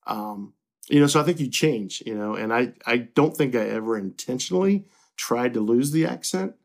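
A middle-aged man from Kentucky, a newspaper publisher, talking in a relaxed, reflective way with many fillers and restarts as an interview guest. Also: mid-range voice, normal speed. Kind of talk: casual interview.

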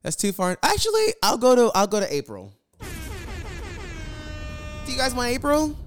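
Profane, exasperated young man ranting lively. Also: extremely high pitch, normal speed, soft background music. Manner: profane, exasperated, repeats phrases. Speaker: vlogger. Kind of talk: storytime rant to viewers.

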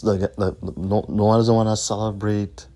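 A man's voice: lowish voice, little pitch movement, normal speed, mellow. A man hosting his own podcast, ranting in a combative, profane way and repeating his points. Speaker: podcast host.

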